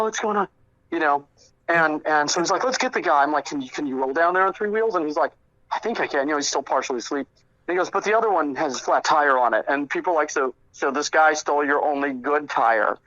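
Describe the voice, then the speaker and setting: In a casual interview, a man reminisces about an old friend, rambling along with plenty of fillers and restarts. His voice is fairly high, pushed and bright, and the recording sounds lo-fi.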